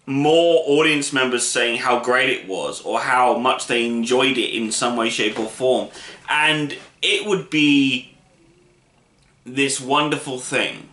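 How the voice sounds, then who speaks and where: A man reviews a film in a loose, opinionated monologue, stumbling through fillers and restarts. His voice is bright and forceful, and the room around him rings with echo. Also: mid-range voice, unhurried.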